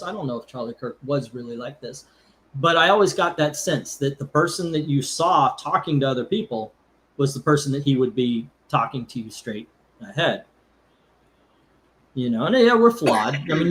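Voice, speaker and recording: A man co-hosting a casual live stream, emotional and rambling, sometimes flaring into anger. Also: on the high side. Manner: emotional, rambling, rising to angry outbursts. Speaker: co-host of a comics channel.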